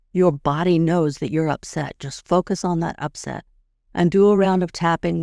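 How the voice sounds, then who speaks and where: Calm woman podcast host, gravelly edge. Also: on the low side, dry recording, clean studio sound. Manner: calm, guiding, demonstrates steps; adds "right?" to check in with listeners. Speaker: podcast host and tapping coach. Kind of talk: instructional podcast talk.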